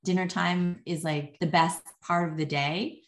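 Middle-aged woman chatting as a podcast guest, lots of "like"s, a bit low, echoey room. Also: fairly even intonation, unhurried. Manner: chatty, many "like" fillers, laughs lightly. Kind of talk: casual conversation.

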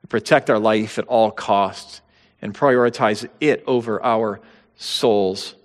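A man preaching a sermon in an earnest, emphatic way, pressing his stresses higher as he drives points home. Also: fairly even intonation, slow pace. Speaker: pastor. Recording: long hall reverb.

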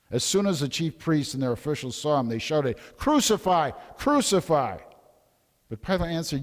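A man as pastor reading a scripture passage, raising his voice for the crowd's shouts. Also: medium pitch, in a large hall. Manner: dramatic, raising voice for crowd lines.

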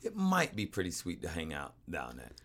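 A man hosting a casual interview chat, enthusiastic and joking, quick to laugh. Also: sits low, huge pitch swings, a crowd in the background. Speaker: podcast host.

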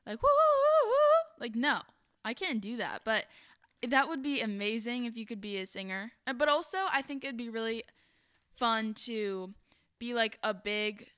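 A young woman co-hosting a podcast, chatty and giggly, talking in quick bursts. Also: fairly high pitch, pushed and bright, smooth, no echo, studio quality. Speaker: podcast co-host. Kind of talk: casual chat.

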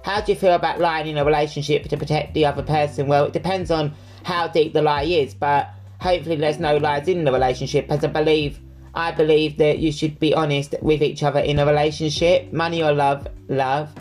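A man's voice: fairly high pitch, steady tone, a little fast, a little mellow, faint music behind. A man hosting a podcast, answering listener questions in casual solo chat, candid and chatty with frequent fillers. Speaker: podcast host.

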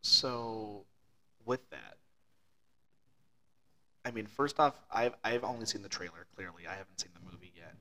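A man's voice: fairly low pitch, lively intonation, a little slow, pauses often, pushed and bright, low-quality recording. A man co-hosting a podcast, casually asking curious follow-up questions. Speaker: podcast co-host. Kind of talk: casual chat.

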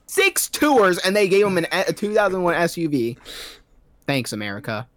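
A man's voice: on the high side, big pitch swings, brisk, dry recording. A man giving a rambling, sarcastic recap of a movie's plot in a casual comedic style, full of fillers.

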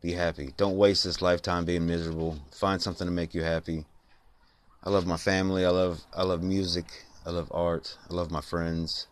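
A man, hoarse and congested from being sick, rambling reflectively in a late-night solo podcast. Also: low voice, level tone, fairly quick. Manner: rambling, reflective, many fillers. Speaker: podcast host.

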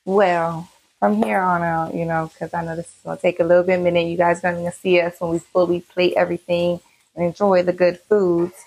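A woman's voice: on the low side, flat delivery, fairly quick, a little mellow, low-quality recording. A woman hosting a podcast, chatting casually and enthusiastically with her guest. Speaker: podcast host. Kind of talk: casual chat interview.

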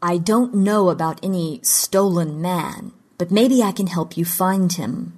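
A cunning male magician from a storybook, smooth and controlled, soothing even while menacing, as a woman narrator lowers her voice for him. He speaks low and unhurried, with a breathy edge. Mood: guarded calm.

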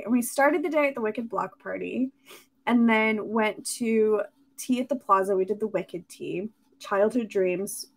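Chatty young woman, gushing and bright. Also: fairly high pitch. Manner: chatty, gushing, laughs often. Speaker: podcast host. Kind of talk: casual monologue.

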